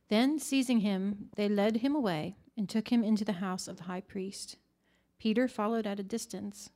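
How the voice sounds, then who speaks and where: A woman reading a scripture passage aloud to a congregation, slow and measured. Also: mid-range voice, a little mellow. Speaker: scripture reader.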